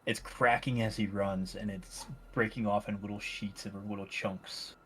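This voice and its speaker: A man's voice: lowish voice, steady tone, moderate pace, a bit bright, slightly rough. A man playing in a tabletop game, vividly narrating what his character does. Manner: vivid, descriptive storytelling. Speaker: player.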